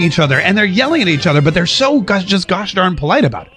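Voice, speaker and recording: A man's voice: high voice, very animated, fairly bright tone, faint music behind. A man from the United States hosting a political talk show, joking and sarcastic as he reads viewer comments. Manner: sarcastic, joking, quick asides.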